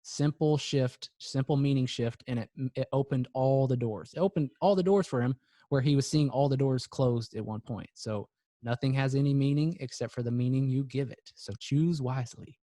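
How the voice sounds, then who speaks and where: A man's voice: medium pitch, moderate pace, dark tone, no echo, studio quality. A man speaking as a podcast guest and business coach, earnest and reflective, often repeating words for emphasis. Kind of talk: motivational podcast talk.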